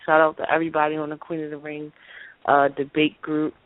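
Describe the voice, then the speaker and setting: A woman calls in over a thin, phone-like line, her mixed Baltimore and New York accent coming through clearly. She talks easy and laid-back, full of street slang and shout-outs, and the sound is dry and close, with no room around it. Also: deep voice, monotone, brisk, dry recording. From Brooklyn, New York. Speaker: battle rapper guest calling in. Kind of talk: casual phone interview. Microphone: phone call.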